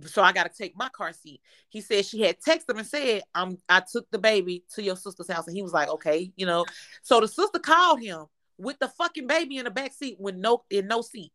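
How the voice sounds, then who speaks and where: A woman, co-hosting a podcast and telling a story in casual, profane, animated chat with plenty of laughter. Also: medium pitch, brisk. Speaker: podcast co-host.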